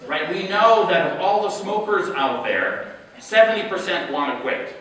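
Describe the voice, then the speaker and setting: A man giving a conference keynote as a public health official, rhetorical and emphatic, often asking the audience "right?" and slowing to stress key words. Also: high-pitched, lively intonation, fairly bright tone. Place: large conference hall. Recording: echoey hall, voice from far off.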